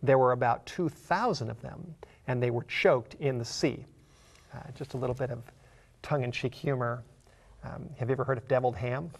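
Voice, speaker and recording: A man's voice: medium pitch, moderate pace, gravelly. A man preaching a sermon. He explains a Bible passage as a story in an earnest way and builds to emphatic questions.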